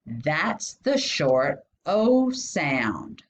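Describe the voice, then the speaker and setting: Teaching a phonics lesson, a woman with a fairly low voice speaks very slowly and deliberately in a sing-song way, drawing out each vowel and raising her pitch on questions. The recording is dull and lo-fi.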